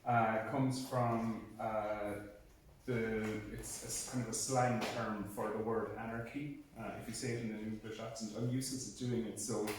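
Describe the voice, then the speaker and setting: A man's voice: on the low side, level tone, moderate pace. Hesitant man in an echoey room. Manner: hesitant, many ums and uhs. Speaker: design student presenter. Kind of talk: class project presentation. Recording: very echoey room, mic far off, faint noise.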